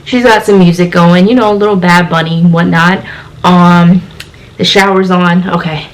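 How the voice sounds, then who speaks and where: A young woman telling a story to camera, acting out her own lines with big jumps in pitch. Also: steady tone, normal speed, poor audio. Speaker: storytime vlogger.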